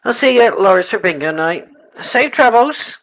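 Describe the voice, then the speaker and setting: A woman voicing a brisk, bossy townswoman who hurries people along. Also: mid-range voice, expressive, a bit bright, voice pushed up, natural voice, rough recording.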